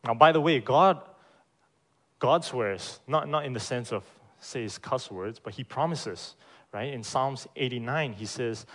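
In an unhurried, mid-range voice, a pastor delivers an emphatic church sermon, throwing rhetorical questions at the congregation and frequently adding "right?" His loudness shifts from forceful emphasis to softer lines.

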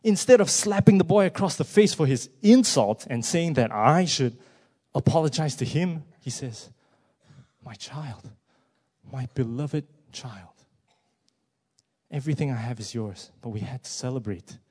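A man preaching a sermon, asking many rhetorical questions and moving between hushed words and loud rising emphasis. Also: mid-range voice, expressive, normal speed.

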